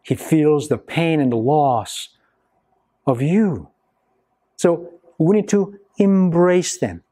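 A man preaching a sermon to his congregation in a church, slow and emphatic, with long pauses between phrases. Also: on the high side, expressive, warm tone. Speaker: pastor. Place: church sanctuary.

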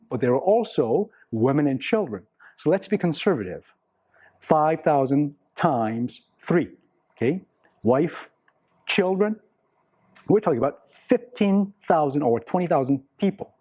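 A man's voice: fairly high pitch, warm tone, husky. A man preaching a sermon, earnest, repeating key words for emphasis and putting questions to the congregation. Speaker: pastor.

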